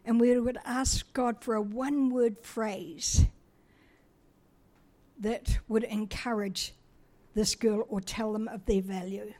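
With a steady tone and a voice pitched a touch high, a middle-aged woman from New Zealand shares her own testimony. Her manner is warm, chatty and self-deprecating, and she keeps weaving in short pieces of dialogue.

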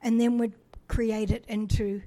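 A middle-aged woman from New Zealand telling her own story with a chatty, self-deprecating warmth. Her voice sits a little high, and she slips into quick bits of dialogue as she talks. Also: flat delivery. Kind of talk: personal testimony talk.

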